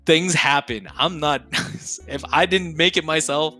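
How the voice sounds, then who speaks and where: A man's voice: fairly high pitch, a little slow, pushed and bright, faint music behind. A young man, a streamer guest on a podcast, talking casually with heavy profanity and slang, laughing often.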